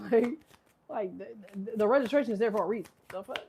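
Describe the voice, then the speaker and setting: A woman's voice: a little high, fast talker, a little mellow, slight background noise. A woman in her thirties giving a casual tarot reading, rambling, profane and laughing often. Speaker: tarot reader. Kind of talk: casual live tarot chat.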